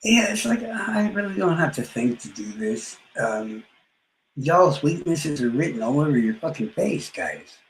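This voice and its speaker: A man brags and trash-talks his rivals on a live stream, profane and swaggering. His fairly high voice has a gravelly rasp and sounds roomy and echoey. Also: sing-song, unhurried, a little hiss or hum. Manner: boastful, profane trash talk with trailing mumbles. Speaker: livestreamer.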